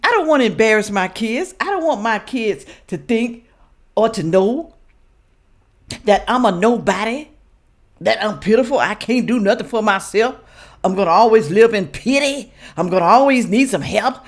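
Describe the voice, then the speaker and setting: A woman's voice: mid-range voice, expressive, normal speed. A woman hosting a reaction vlog, preaching emphatically to viewers and sniffly from sinus trouble. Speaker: reaction channel host. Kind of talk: casual direct-to-camera commentary.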